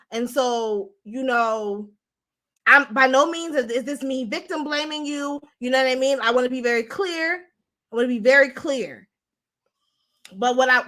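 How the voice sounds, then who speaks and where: A woman's voice: a little high, pushed and bright. A young adult woman hosting a casual commentary show, talking blunt and sassy straight to her viewers. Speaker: show host.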